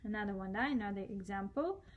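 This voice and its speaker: In a slow, step-by-step handwriting lesson, a woman who teaches Russian patiently spells out cursive letters and checks in with short questions. She's a fast talker with a mid-range voice, and the audio is dull.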